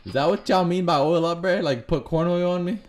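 A man giving live gameplay commentary, trash-talking and swearing, swinging between low muttering and sudden shouts. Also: a little fast. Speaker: gaming YouTuber. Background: faint keyboard clicks and typing.

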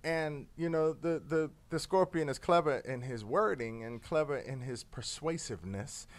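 A man telling a fable in an animated, conversational way during a discussion show. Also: on the high side, moderate pace. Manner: animated, conversational, with filler words. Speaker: panel guest. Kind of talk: storytelling in a discussion.

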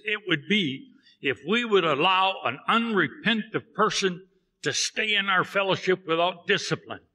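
A man's voice: fairly high pitch, sharp tone, in a large hall. A man preaching a sermon in a church, telling a Bible story and acting out the characters' lines. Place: church sanctuary.

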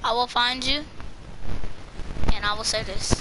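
A woman's voice: on the high side, steady tone, unhurried, pauses often. A woman live streaming, chatting casually with viewers in a silly, giggly, rambling way. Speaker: livestreamer. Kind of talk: casual livestream chat reacting to viewers. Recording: noisy with mouse clicks.

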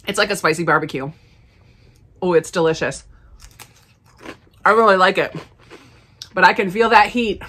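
A woman chatting casually as she unboxes and tastes snacks, upbeat and quick to laugh. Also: mid-range voice, a bit bright, a little hiss or hum. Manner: chatty, enthusiastic, frequent laughs. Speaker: snack reviewer. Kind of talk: casual unboxing and tasting vlog.

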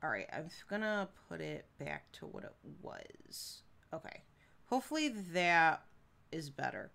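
A woman's voice: sits low, wildly swooping pitch, unhurried, creaky, pushed and bright. A woman streaming a horror game live, reacting with jumpy, frightened exclamations and casual chat. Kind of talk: live gameplay commentary.

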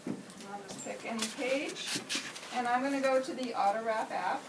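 A woman's voice: fairly high pitch, moderate pace. A woman teacher walking a class of children through an app, step by step, in an upbeat, explaining way. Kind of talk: classroom demonstration. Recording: echoey classroom, camera far off, noisy.

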